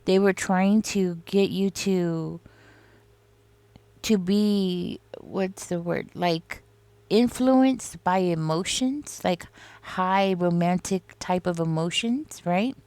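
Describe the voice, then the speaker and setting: A woman's voice: on the low side, slow, mellow, clear, resonant tone, no echo. A woman giving a casual tarot reading, rambling and confiding, with lots of "you know" and "like" as she talks straight to the listener. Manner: confiding, addresses the listener directly. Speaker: tarot reader.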